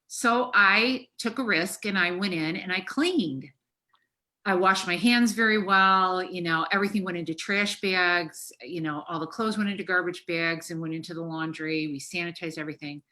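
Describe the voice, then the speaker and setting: A woman's voice: fairly low pitch, normal speed, pushed and bright. A middle-aged woman therapist talking frankly and emotionally on a podcast, swearing freely. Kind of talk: casual podcast conversation.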